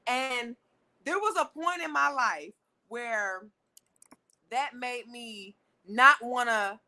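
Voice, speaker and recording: Emphatic bright-voiced woman host. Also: on the high side, takes it slowly. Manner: emphatic, preachy, repeats "listen" and "ladies". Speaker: podcast host. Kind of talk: casual motivational chat.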